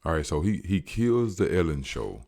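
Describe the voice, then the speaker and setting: Low voiced guy recapping a show, real animated. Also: moderate pace. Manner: animated, slangy, acts out quotes. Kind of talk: casual storytelling recap.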